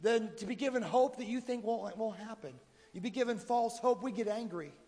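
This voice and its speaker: A man preaching a sermon, moving between quiet pleading and loud exhortation. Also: sits high, fairly quick. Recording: long hall reverb.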